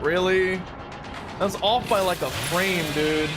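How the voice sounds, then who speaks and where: A man's voice: high voice, slow. A young man streaming a game in casual, slangy chat, swearing a lot and laughing often. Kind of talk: casual live-stream commentary. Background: loud game music.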